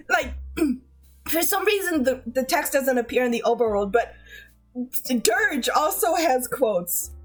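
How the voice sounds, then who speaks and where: A woman's voice: high voice, fairly bright tone. A woman streamer chatting casually with her chat, laughing often.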